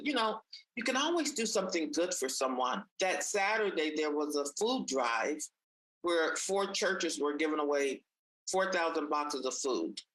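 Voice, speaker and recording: A woman in conversation, telling a personal story with animated energy and acting out the voices of people she quotes. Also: poor audio. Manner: animated, acts out quoted voices, pitch jumps up in excited moments. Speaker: guest sharing a story.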